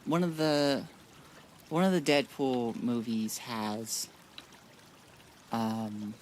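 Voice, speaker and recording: A man's voice: mid-range voice, fairly even intonation, very slow, slight background noise. A man streaming a modded game, chatting casually in a rambling, blunt way with frequent restarts. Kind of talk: casual live-stream chat.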